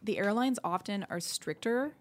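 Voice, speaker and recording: A woman's voice: mid-range voice, expressive, moderate pace. A woman, a comedian guest, talking in blunt, chatty style on a podcast and explaining things at length. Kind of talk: casual chat.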